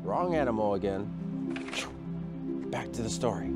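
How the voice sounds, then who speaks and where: Playful kids' book reader, man, slow and bouncy. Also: mid-range voice, very animated. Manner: playful, chatty asides, sound effects. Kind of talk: children's book read-aloud. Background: loud music.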